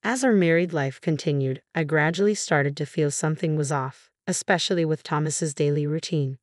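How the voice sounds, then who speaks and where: Low-voiced woman narrating a personal story. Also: normal speed, no room sound, studio quality.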